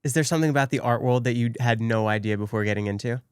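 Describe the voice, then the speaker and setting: A man hosts a podcast interview, asking his guest short, curious questions and laughing easily. His voice is smooth and clear at a middle pitch. The recording is dry, with no room sound. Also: rapid-fire, no room sound. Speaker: podcast host.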